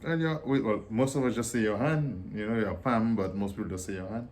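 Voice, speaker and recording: A man with a Dominican accent, chatting casually as a guest, explaining at length and getting animated as he talks. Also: brisk. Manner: animated, explains at length, jumps high when he gets excited. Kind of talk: casual chat comparing dialects.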